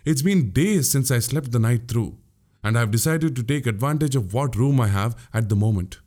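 A man performs an audiobook character voice of a witty, boastful young male warrior speaking grandly, though the mood comes across as weary. His voice is medium-pitched, mellow, close to everyday speech, and at normal speed.

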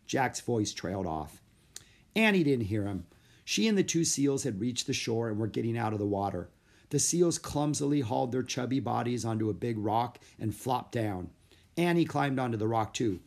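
A man reading a children's storybook aloud in an expressive, lively narration. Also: mid-range voice, normal speed, gravelly. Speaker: audiobook narrator.

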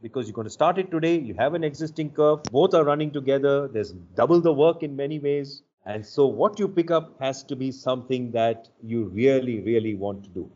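An older man, an executive coach and interview guest, telling stories in a measured, thoughtful way. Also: medium pitch, a little mellow. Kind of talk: reflective interview storytelling. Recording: muffled lo-fi audio.

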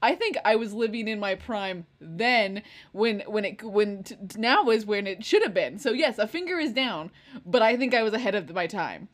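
Lively, animated young woman. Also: mid-range voice, normal speed. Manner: laughing, animated storytelling. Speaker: co-host. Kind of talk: casual chat.

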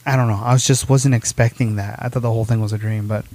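A man's voice: medium pitch, fairly even intonation, fast talker, mellow. A man hosting a podcast, reading short horror stories aloud and chatting, often stumbling over words and correcting himself. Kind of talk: casual reading and chat.

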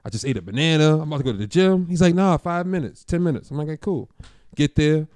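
A man tells a story at a quick clip, his pitch jumping up and down as he acts out every line of dialogue. His voice sits a bit high for a man and sounds close and dry. He talks in relaxed street slang with an easy, unbothered swagger. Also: dry recording. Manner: animated storyteller acting out quoted dialogue; slangy, laid-back street talk. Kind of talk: casual chat.

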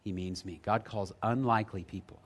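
A man preaching a sermon as pastor, telling a story with lively energy, dropping low and quiet for emphasis and rising loud in the retelling. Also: a little fast. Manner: lively storytelling, checks in with "right?".

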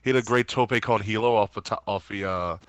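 A man's voice: fairly low pitch, brisk, clear, resonant tone, no room sound. A man co-hosting a casual wrestling chat, blunt and opinionated.

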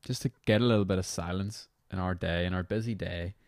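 A man's voice: low voice, brisk, dry recording, studio quality. A young man hosting a devotional podcast, talking casually and reflectively with rambling, apologetic asides before leading a guided prayer.

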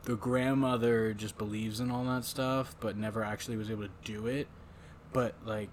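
Animated swearing man on a podcast. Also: fairly low pitch, normal speed, slight background noise. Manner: animated, swears a lot, acts out voices. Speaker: podcast host. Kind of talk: casual movie podcast chat.

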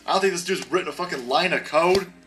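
A man's voice: sits high, fast talker, noisy background. A man hosting a podcast, delivering a heated, sarcastic and profane rant. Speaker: podcast host. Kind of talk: ranting podcast commentary.

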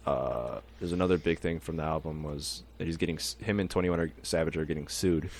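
A man's voice: very deep voice, brisk. A young man chatting casually on a podcast, rambling, swearing freely and laughing often. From Mexican-American. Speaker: podcast host.

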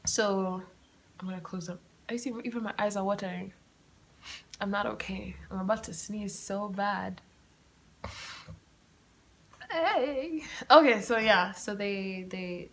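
A young woman, hosting a podcast and telling a personal story in a chatty, animated way with asides and laughter. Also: mid-range voice. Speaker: podcast host. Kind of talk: casual storytelling monologue. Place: home room with open windows.

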